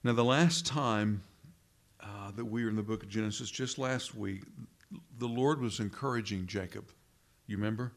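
Man, low voice, earnest measured sermon delivery. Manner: earnest, measured preaching with rhetorical questions. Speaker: pastor.

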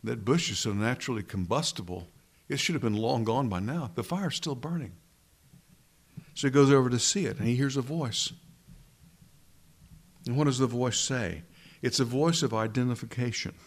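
A male preacher delivering a sermon, talking it through with his listeners and posing questions. He speaks at an ordinary pitch and pace. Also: lively intonation, measured pace. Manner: conversational teaching with rhetorical questions.

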